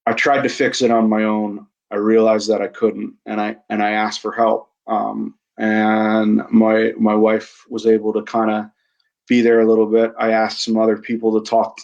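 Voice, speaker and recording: A man, an army veteran guest on a podcast, speaking candidly and haltingly, often restarting his sentences. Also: fairly low pitch, completely flat delivery, gravelly, a little mellow, highs cut off. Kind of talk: candid interview conversation.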